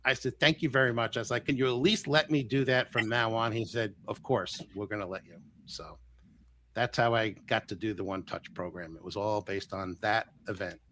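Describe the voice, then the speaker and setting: A man, a guest healer, telling stories casually and acting out the dialogue with lively shifts in voice. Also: fairly low pitch, fairly quick, a little hiss or hum. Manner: animated, acts out quoted dialogue. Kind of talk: casual storytelling.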